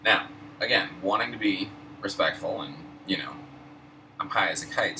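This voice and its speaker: Low-voiced laid-back stoned storyteller, a man. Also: moderate pace. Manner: laid-back, profane, wry. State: high. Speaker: host. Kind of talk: casual storytelling. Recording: distant mic, air-conditioner hum.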